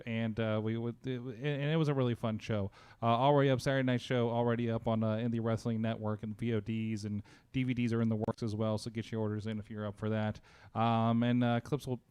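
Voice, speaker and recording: A man's voice: medium pitch, a little mellow, clear, resonant tone. A man hosting a casual wrestling talk show, chatty, with lots of fillers and restarts. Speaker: podcast host. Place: home studio. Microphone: close studio mic.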